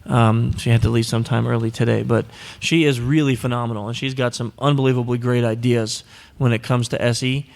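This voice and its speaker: A man's voice: mid-range voice, steady tone, brisk, vocal fry, few pauses. A male podcast host speaking live in front of an audience at an event. He answers questions casually, teases his co-hosts, and slips into playful voices when quoting people. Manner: joking, teasing, acts out quoted voices.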